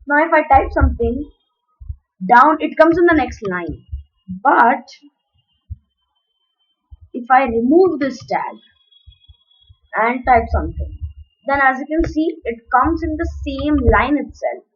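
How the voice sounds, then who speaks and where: A woman's voice: high-pitched, expressive, takes it slowly, pauses often, lo-fi sound. A woman explaining code step by step while she types, stopping to correct herself. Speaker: coding tutor. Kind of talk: screen-recorded coding tutorial.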